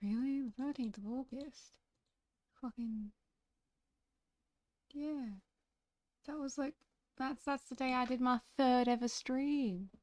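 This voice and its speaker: A woman's voice: sits high, fairly even intonation, slow pace, pauses often, a little mellow. A young woman streaming a game, chatting casually with blunt, swearing asides. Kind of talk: casual chat while gaming.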